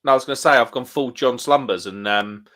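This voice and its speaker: A man's voice: mid-range voice, fast, fairly bright tone. A man co-hosting a casual pub live stream, reading out viewer comments and laughing often. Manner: laughs often, reads comments aloud in a bouncy voice.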